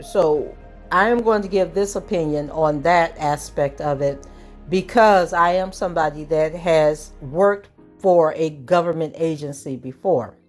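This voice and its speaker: A woman hosting her own commentary channel, talking in a casual, chatty way with a hoarse allergy-season voice. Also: deep voice. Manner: conversational, chatty with fillers. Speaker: channel host.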